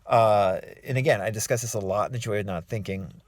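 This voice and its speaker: Relaxed man giving self-help advice. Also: fairly low pitch, brisk, no echo. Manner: relaxed and reflective, with many fillers and restarts. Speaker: self-help author and coach. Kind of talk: casual talking-head advice.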